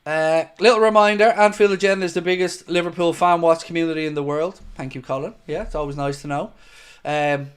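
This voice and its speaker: A man's voice: a little high, fairly even intonation, fairly quick, smooth. An Irish man hosting a football watchalong stream, chatting casually and reading out viewer comments. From Ireland. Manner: chatty and jokey, calls viewers mate.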